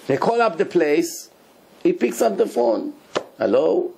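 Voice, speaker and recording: Male Torah teacher, gravelly voice, slightly high, lively storytelling, faint hiss behind. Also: a little slow. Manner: animated storyteller, acts out dialogue, laughs often. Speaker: rabbi teaching a Torah class.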